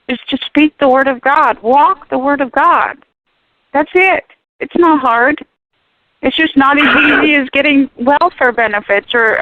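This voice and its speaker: A woman speaking as a radio guest in an impassioned, preachy, emphatic way. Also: high-pitched. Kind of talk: animated talk radio discussion. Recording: tinny phone-line radio audio.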